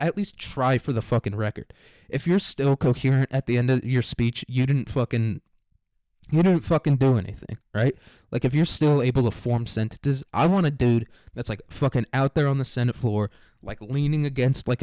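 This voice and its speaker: A man's voice: medium pitch, fairly quick, warm tone, dry recording. A young man giving casual, sarcastic news commentary, swearing constantly and riffing irreverently.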